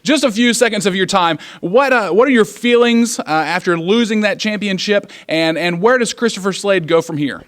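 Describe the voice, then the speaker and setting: A man's voice: high-pitched, animated, moderate pace, hardly any pauses, a bit bright. A man hosting backstage wrestling interviews, announcer-style, repeatedly calling out to wrestling fans.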